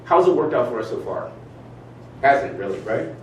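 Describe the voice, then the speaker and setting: A man giving a motivational talk, animated as he leads his audience in spoken exercises. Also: mid-range voice, moderate pace. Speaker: speaker leading a talk. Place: event room with audience. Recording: roomy sound from far off, faint noise.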